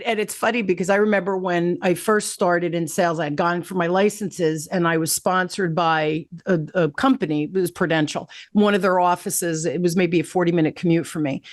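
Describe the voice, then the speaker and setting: A woman's voice: on the low side, no room sound, clean studio sound. A middle-aged woman from New Jersey hosting a podcast, telling stories in a chatty way and often checking in with "right?". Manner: chatty storyteller, keeps asking "right?". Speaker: podcast host. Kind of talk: casual interview chat.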